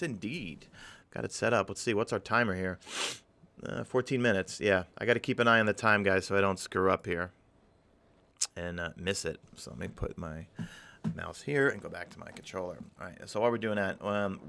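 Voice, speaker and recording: A man's voice: lowish voice, normal speed, creaky, fairly bright tone. A young adult man streaming a game live, chatting casually in a rambling way and greeting viewers from chat. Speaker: gaming streamer.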